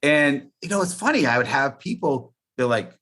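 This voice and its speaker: A man's voice: mid-range voice, sing-song, moderate pace, a bit bright. A man in his fifties from the American Northeast, an interview guest who talks earnestly and rambles with many fillers. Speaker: podcast guest, networker. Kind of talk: casual interview.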